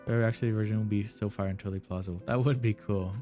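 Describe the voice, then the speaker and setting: A man's voice: on the low side, fairly even intonation, racing, dark tone, muffled recording, soft background music. Nasal young man chatting on stream. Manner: rambling, laughs often, swears casually. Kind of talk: casual gaming stream chat.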